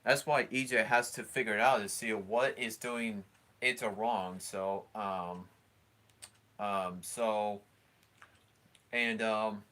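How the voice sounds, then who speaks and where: A man hosting a live stream, talking over a sports broadcast in a halting way, full of fillers and restarts. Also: lowish voice, steady tone, pushed and bright. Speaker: stream host commentating along with a broadcast. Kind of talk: casual live commentary.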